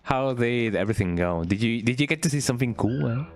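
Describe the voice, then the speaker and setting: A man's voice: mid-range voice, animated, fast. A man streaming a game and chatting casually with viewers, playful, ending nearly every sentence with a questioning "eh?". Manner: playful, chats with viewers while playing. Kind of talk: casual gameplay commentary.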